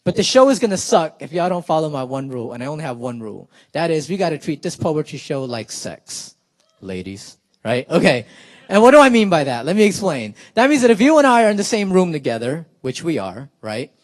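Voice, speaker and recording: A man's voice: fairly high pitch, big pitch swings, brisk. A young man from South Florida, a spoken word poet talking animatedly to a live crowd with lots of "like" fillers, then performing a poem.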